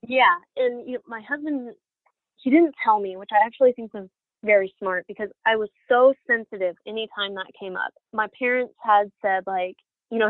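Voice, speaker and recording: A woman's voice: a little high, moderate pace, no echo. A woman in her thirties telling her personal story as an interview guest, candid, with many fillers and restarts. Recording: dry, phone-like audio.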